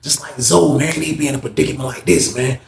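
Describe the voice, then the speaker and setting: A man telling stories from prison life in a casual, animated way, jumping up in pitch to act out other people's lines. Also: fast, vocal fry, echoey room. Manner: animated, acts out others' lines in a higher, louder voice. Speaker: storyteller recounting prison life. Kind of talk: casual storytelling to camera.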